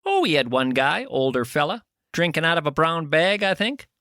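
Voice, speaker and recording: A man playing a brisk shoe clerk. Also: fairly high pitch, very animated, bright, forceful tone, dry recording, clean studio sound, heavily acted. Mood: dry. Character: matter-of-fact male shoe store clerk.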